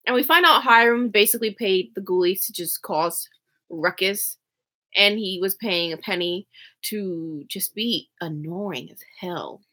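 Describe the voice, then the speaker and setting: A woman's voice: mid-range voice, unhurried, bright, forceful tone. A young woman co-hosting a casual TV recap chat, giggly and chatty, reading out viewer questions. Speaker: co-host.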